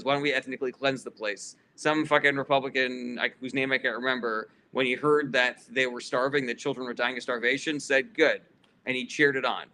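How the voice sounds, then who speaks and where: Man, livestream host, bright forceful voice, casual chat Q&A, blunt, profane, sarcastic with chatters. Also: medium pitch, a little hiss or hum. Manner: blunt and profane, with frequent fillers; gets heated and sarcastic with chatters. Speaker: livestream host answering viewer questions.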